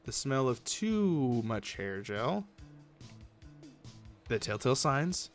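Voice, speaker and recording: A man's voice: medium pitch, very animated, slow, soft background music. A man voicing a wry teenage boy in a story game, listing things in a dry way.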